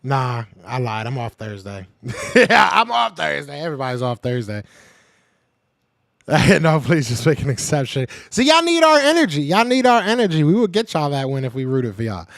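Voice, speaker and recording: A man hosting a live podcast, reading the chat and trash-talking in a casual, animated way; he is a little sick. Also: a little high, moderate pace, gravelly, dry recording, studio quality.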